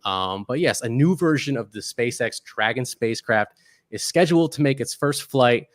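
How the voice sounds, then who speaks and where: Male podcast host, mid-pitch, hesitant reader, dead dry sound. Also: animated, moderate pace, no room sound. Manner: hesitant, many fillers, reads out article text. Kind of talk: casual science news chat.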